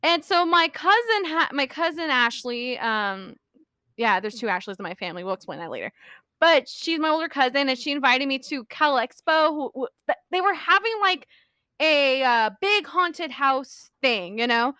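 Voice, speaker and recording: A young woman chats on a podcast in a high, bright, sharp voice, rambling through a story and giggling mid-sentence. The sound is close and dry, with no room around it. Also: expressive, moderate pace, no room sound. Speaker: podcast co-host. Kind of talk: casual storytelling chat.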